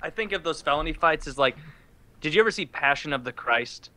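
Guy ranting and joking, bright sharp voice, kinda high, swears a lot. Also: a little fast. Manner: profane, animated storytelling, laughs while talking. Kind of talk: casual chat.

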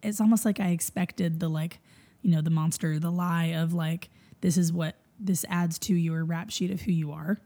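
A young woman, a worship leader, telling a story in a casual chat, animated, laughing and full of fillers. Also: lowish voice, normal speed.

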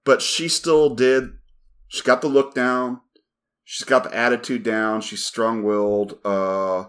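A man's voice: medium pitch, steady tone, slow pace, a bit bright. A man co-hosting a podcast, chatting casually, rambling and swearing freely. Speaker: podcast co-host. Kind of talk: casual chat.

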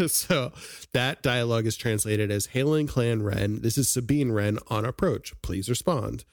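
A man's voice: mid-range voice, measured pace, gravelly, no echo. A man co-hosting a casual podcast, sharing trivia and laughing often. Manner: chatty, shares trivia with frequent laughs. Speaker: podcast co-host. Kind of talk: casual chat.

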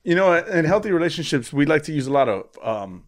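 A man co-hosting a podcast in casual comedic chat, teasing in a deadpan, mock-serious way. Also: a little high, fast talker, no room sound, clean studio sound. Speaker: podcast co-host.

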